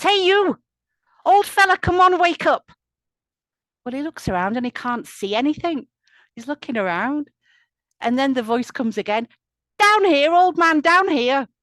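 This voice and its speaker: A woman storyteller narrating a folk tale in a slow, soothing, lilting way. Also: medium pitch, dry recording. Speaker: storyteller at a community event. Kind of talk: oral storytelling.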